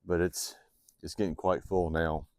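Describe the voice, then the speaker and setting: A man with a drawl and a very low, deep voice talks easily to his viewers from an outdoor campsite. He's chatty and relaxed, sniffling a little in the cold morning air. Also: measured pace. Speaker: vlogger. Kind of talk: casual outdoor vlog talk.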